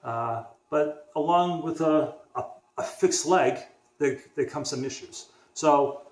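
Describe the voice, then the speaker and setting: A man's voice: a little high, slow pace. Rambling young man in an echoey room. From Boston area, USA. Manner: rambling, restarts often, acts out dialogue. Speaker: vlogger. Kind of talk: casual storytelling vlog.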